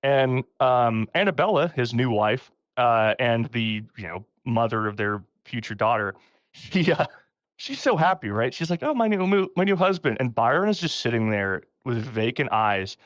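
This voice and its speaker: A man hosts a casual storytelling podcast, laughing often and jumping into a higher voice when he quotes someone. His delivery is full of pitch swings. The sound is close and dry, with no room echo. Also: normal speed. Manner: animated, laughing often, acts out quotes in a raised voice. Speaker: podcast host.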